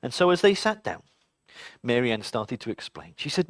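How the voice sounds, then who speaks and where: Animated male children's storyteller. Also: mid-range voice, moderate pace, dry recording, studio quality. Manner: animated, dramatic, addressing children.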